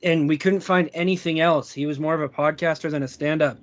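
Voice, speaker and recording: A man's voice: fairly high pitch, fairly even intonation, a little fast. A young man co-hosting a podcast, chatting casually, laughing through his stories and swearing often. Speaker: podcast co-host. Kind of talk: casual chat. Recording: dull lo-fi sound.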